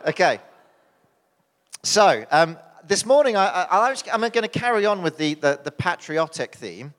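A man's voice: high-pitched, big pitch swings, normal speed, a bit bright. British male preacher, joking and loose, fillers and restarts, reverberant church hall. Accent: British English. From United Kingdom. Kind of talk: sermon.

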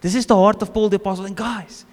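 A man's voice: sits high, fairly even intonation, fast talker. A man with a South African accent preaching a casual, joking sermon as pastor, often acting out what people say. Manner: informal, joking, acts out quotes. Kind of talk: conversational sermon. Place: church hall. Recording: long church reverb.

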